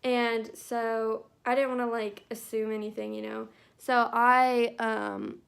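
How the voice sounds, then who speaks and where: Chatty young woman with a creaky voice. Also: a little high, flat delivery, takes it slowly, fairly bright tone. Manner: chatty storytelling full of "like" fillers. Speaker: beauty vlogger. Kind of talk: casual chat while doing makeup. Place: at home, not in her bathroom.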